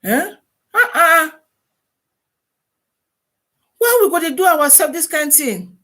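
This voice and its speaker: A woman with a Nigerian Pidgin English accent, hosting a casual live-stream advice talk, animated and full of rhetorical questions. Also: high voice, normal speed.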